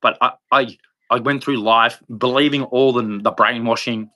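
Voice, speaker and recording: A man hosting a livestream, delivering a rambling, impassioned religious monologue with sudden jumps in pitch. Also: normal speed, bright, forceful tone. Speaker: livestream host.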